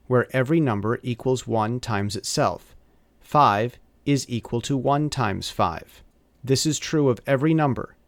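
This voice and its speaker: Slow, deliberate man teaching grammar. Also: medium pitch, no room sound. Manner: measured, deliberate, slows on example phrases. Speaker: English teacher. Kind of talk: scripted grammar lesson narration.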